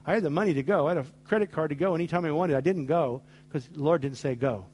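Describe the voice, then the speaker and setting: A man's voice: a little high, fast talker, a little mellow, slight background noise. A middle-aged man preaching a sermon, telling stories with acted-out dialogue in an emphatic way. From United States. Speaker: pastor.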